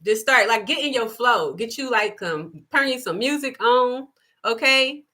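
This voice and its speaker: A woman hosting a spiritual live stream, speaking in an impassioned monologue with emphatic, repetitive, preacher-like phrasing and gentle asides. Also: on the high side, lively intonation, measured pace. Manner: shifts into soft, gentle asides to her child.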